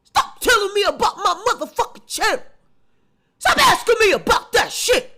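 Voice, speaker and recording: A woman impersonating a ranting woman blogger, yelling, swearing, bright sharp tone, swooping pitch. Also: very animated, a little slow, exaggerated voice. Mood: furious. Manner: yelling, profane rants. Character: furious cursing woman blogger, panicked and defensive.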